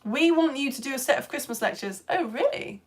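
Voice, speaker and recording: A middle-aged woman from the UK with a cough and cold, chatting casually as she hosts a live children's science show and reads out viewer comments, giggly and at times dropping to soft asides. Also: high voice, expressive, brisk. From United Kingdom. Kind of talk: casual live-stream chat reading comments. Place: at home on the sofa.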